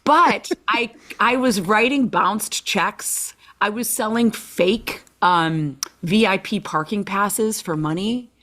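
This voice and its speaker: Woman guest with a Chicago accent, casual storyteller, animated, full of "like", plays out quoted dialogue. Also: mid-range voice, slow, few pauses. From Chicago, USA. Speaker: interview guest. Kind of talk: conversational storytelling.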